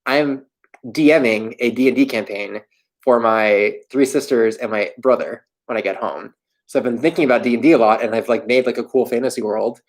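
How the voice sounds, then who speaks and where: A man's voice: mid-range voice, normal speed. A young man from Florida hosting a livestream, answering viewer questions in a candid, self-deprecating, rambling way. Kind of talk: casual livestream chat. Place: home in New York.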